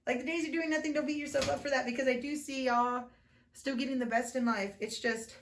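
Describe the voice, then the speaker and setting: A woman's voice: sits high, steady tone, fairly quick, slight background noise. A young woman giving a casual tarot reading, chatty and upbeat, laughing often and swearing now and then. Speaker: tarot reader. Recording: echoey room.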